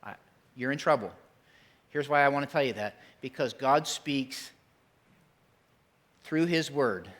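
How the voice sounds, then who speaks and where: A man's voice: mid-range voice, animated, fairly bright tone. Conversational middle-aged male pastor. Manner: conversational, emphatic, acts out quick voices. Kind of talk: sermon.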